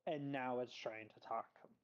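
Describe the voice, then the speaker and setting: A game master narrating a tabletop game and asking players what they want to do, halting and full of restarts. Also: medium pitch, steady tone, highs cut off.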